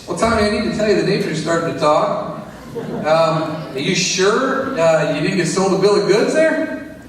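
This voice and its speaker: A man's voice: high voice, lively intonation, moderate pace, crowd noise. A man doing a doubtful hesitant neighbor guy. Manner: hesitant, full of uh and um. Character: skeptical male neighbor, doubtful and teasing. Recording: echoey hall from far off.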